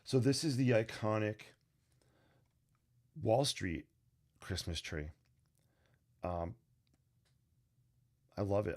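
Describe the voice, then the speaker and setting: Low gravelly guy with a sinus cold, tired, rambling casually to his live viewers. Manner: loose, unrehearsed, chatty with viewers. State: tired, stuffy from sinus trouble. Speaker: sketching livestream host. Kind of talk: casual livestream chat. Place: home desk. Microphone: desk microphone.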